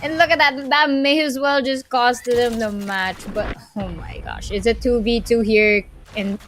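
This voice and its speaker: A woman giving live play-by-play commentary on an esports match, excitable and quick to exclaim at big plays. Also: a little high, soft background music. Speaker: esports caster.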